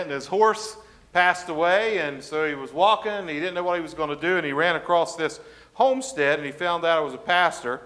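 A man's voice: fairly high pitch, sharp tone. A man preaching as a visiting supply pastor, telling a folksy joke and saying a heartfelt farewell, with frequent "uh" fillers. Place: church sanctuary.

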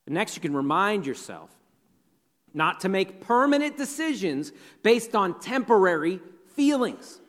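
A man's voice: sits high, sing-song, unhurried, long reverb tail. A man preaching a sermon as pastor in a conversational, down-to-earth way. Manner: conversational preaching, acting out quoted inner voices.

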